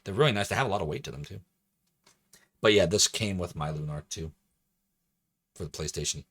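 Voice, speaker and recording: A man's voice: low voice, fairly quick, a bit bright, breathy edge. A male game streamer chatting casually with his viewers as he plays, rambling and laughing often. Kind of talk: casual live-stream commentary.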